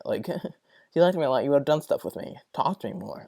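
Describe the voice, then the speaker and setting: A man's voice: fairly high pitch, lively intonation, fast talker, warm tone, no echo. A young man hosting his own podcast, venting in a rambling, profane, exasperated way about his dorm roommates. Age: young adult. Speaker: podcast host. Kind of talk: casual solo podcast rant.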